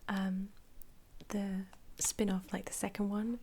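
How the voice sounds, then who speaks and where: A young woman, an ASMR creator, whispering casually about her favourite films, giggling often and pausing on ums. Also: mid-range voice, level tone, mellow. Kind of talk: whispered ASMR film chat.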